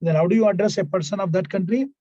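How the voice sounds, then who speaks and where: A man teaching a grammar class online, repeating himself often and filling pauses with "right, right". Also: sits high, warm tone, dry recording, dull audio. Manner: repetitive, fills pauses with "what we call it as" and "right, right". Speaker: English teacher.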